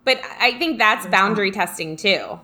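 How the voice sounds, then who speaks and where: A woman's voice: medium pitch, animated, normal speed, bright, forceful tone. A young adult woman co-hosting a casual live chat, rambling and reflective, with lots of fillers. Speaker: co-host reading live comments.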